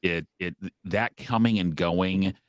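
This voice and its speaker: A man co-hosting a podcast, talking casually with hesitant pauses and fillers. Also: sits low, no room sound. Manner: hesitant, many ums. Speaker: podcast co-host. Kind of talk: casual discussion.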